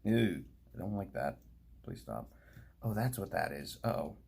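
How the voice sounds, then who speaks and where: A man's voice: low-pitched, sing-song, measured pace, creaky, slight background noise. A playful young man narrating a casual hobby video, chatting to himself and his model as he works and sometimes dropping to a whisper. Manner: drops into quiet whispers while doing fiddly work.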